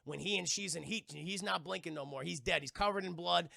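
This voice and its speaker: A man's voice: high voice, a little fast, creaky, sharp tone, no room sound, studio quality. A young man giving a rambling, profane spoiler recap of a TV episode to his live chat. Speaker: TV review streamer.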